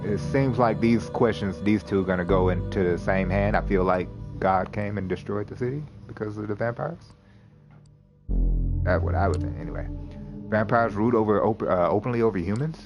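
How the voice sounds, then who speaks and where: A man's voice: on the low side, normal speed, music in the background. A young man reading a story game aloud and chatting about his choices, casual and loose with restarts. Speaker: streamer playing a narrative game.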